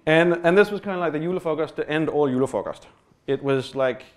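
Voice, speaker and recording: A man from Australia telling a humorous personal story in a talk, rambling with fillers, self-deprecating asides and casual swearing. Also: mid-range voice. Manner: rambling with many fillers and restarts. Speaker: speaker giving a stage talk.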